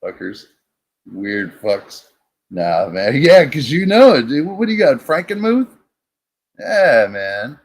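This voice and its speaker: A man's voice: mid-range voice, big pitch swings, takes it slowly. A man hosting a comedy talk show, crude and sarcastic in casual banter. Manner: crude, sarcastic, rambling storyteller. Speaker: show host.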